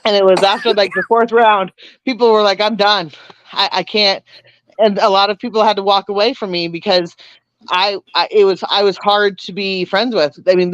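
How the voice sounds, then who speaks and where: A woman's voice: mid-range voice, no room sound, lo-fi sound. A woman guest telling her story in casual chat, rambling with many false starts.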